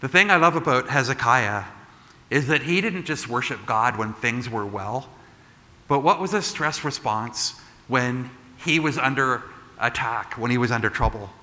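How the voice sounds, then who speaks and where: Bright-voiced man preaching in a hall. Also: mid-range voice, moderate pace. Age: adult. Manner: conversational, animated retelling with frequent "like" and "right?". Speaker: pastor. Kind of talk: sermon.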